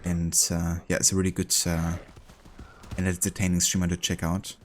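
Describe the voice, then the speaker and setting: A man with a German accent chatting casually with viewers while he plays, relaxed and talkative. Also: low voice, moderate pace, slight background noise. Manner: relaxed and chatty, with easy laughs. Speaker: streamer. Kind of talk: casual gameplay chat with viewers.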